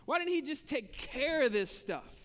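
A man preaches in a high, ringing voice that carries through a large hall with a long trailing reverb. He talks conversationally to the congregation. He pushes hard on key points, then drops low and quiet. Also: sing-song, moderate pace, slight background noise. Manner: conversational preaching, swinging between emphatic and hushed. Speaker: pastor. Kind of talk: sermon.

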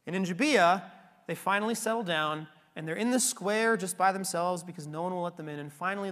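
A man's voice: sits high, quick pace, a bit bright, in a large hall. A man preaching a sermon, retelling a scripture story in a conversational way and checking in with frequent tag questions.

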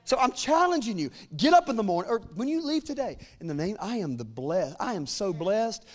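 A man in his forties delivers a church sermon in a notably high voice. He banters with the congregation and then climbs into loud, fervent declarations of faith. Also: sing-song, brisk. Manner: humorous asides to the congregation. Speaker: pastor.

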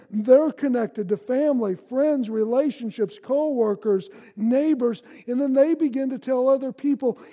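High, gravelly preacher in a reverberant hall. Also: male voice. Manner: animated storytelling preacher, punchy emphatic bursts. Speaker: pastor. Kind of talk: sermon.

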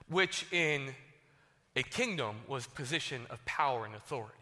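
A man's voice: medium pitch, animated, normal speed, pushed and bright, in a large hall. A man preaching a sermon, reading scripture and then retelling it casually, acting out the voices of the people he quotes. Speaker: pastor.

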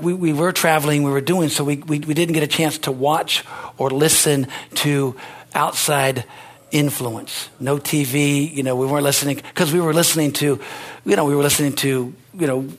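A husky man preaching with fire in his voice. He talks a little high for a man and keeps pushing his listeners with urgent, repeated calls to act. His sentences tumble out with restarts and asides. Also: moderate pace. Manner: energetic, exhorting, rambling with restarts. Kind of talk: sermon.

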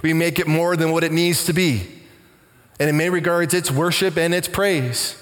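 A man's voice: a little high, fairly even intonation, moderate pace, a bit bright, big-room sound. A man preaching a sermon as pastor of a church, earnest and heartfelt, often repeating words as he goes.

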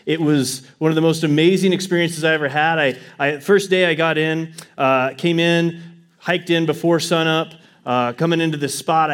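A man preaching to a congregation, telling a personal story in a casual, animated way. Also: fairly high pitch. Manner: animated, acts out his story with quick inner quotes. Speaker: pastor. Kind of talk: sermon storytelling.

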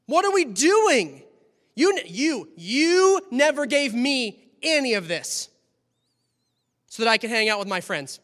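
A man's voice: very high voice, very animated, measured pace, a bit bright, pitched above the performer's own voice, exaggerated voice. Man as resentful older brother; indignant complaints, long hall reverb.

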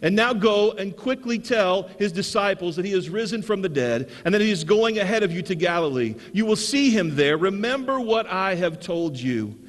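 A man with a high, bright voice preaches to his congregation, repeating key phrases and pausing for the crowd to answer amen. His sermon rings out with a long reverb, as if filling a large church sanctuary. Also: animated. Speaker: pastor. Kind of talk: Easter sermon.

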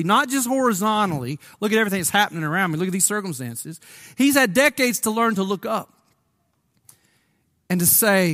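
A man's voice: sits high, expressive, normal speed, pushed and bright, big-room sound. A man preaching a sermon as a pastor, building emphasis through repeated phrases and voicing the biblical speakers.

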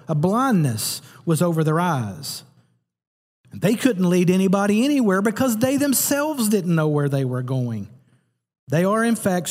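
A man's voice: high voice, darkish tone, husky, in a large hall. A man preaching a sermon as pastor, teaching earnestly and repeating words for emphasis.

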